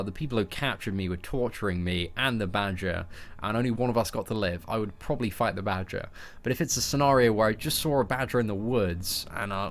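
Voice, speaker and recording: A man's voice: fairly low pitch, a bit bright. A young English man chatting casually and joking with viewers while he plays a game. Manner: jokey, chatty, calls listeners mate and boys. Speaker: gaming streamer. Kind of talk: casual live-stream chat while gaming.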